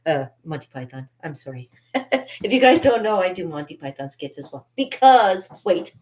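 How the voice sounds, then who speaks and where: A woman's voice: lowish voice, very animated, moderate pace, darkish tone, roomy sound. A woman vlogging about cartooning in a chatty, giggly way, reading her own poetry aloud with theatrical drama.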